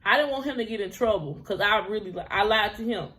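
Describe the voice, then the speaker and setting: A woman's voice: medium pitch, quick pace, pushed and bright. A woman in her twenties telling a personal story to her viewers in a casual, chatty way. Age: 20s. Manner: chatty, laughs often, drifts into quoted dialogue.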